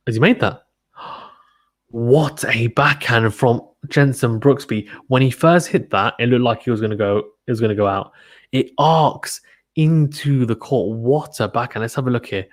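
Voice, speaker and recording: A man giving excitable live play-by-play tennis commentary, gasping and exclaiming at big points. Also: fairly low pitch, dry recording, clean studio sound.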